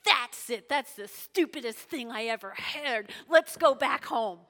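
Woman playing a hot-tempered male commander, indignant and shouting, high and bright, echoey hall. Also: lively intonation, measured pace, heavily acted. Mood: fed up. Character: proud enemy army commander, male, adult, quick-tempered.

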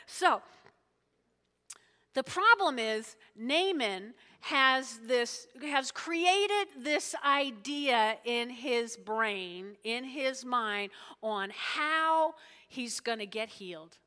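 A woman pastor retelling a story in a sermon, lively, with asides and check-in questions, in an echoey hall. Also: sits high, slow pace.

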